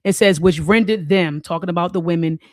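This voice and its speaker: A woman's voice: lowish voice, brisk, dry recording, studio quality. A woman hosting a talk show, reading a document aloud and stressing key words, with casual asides to her viewers.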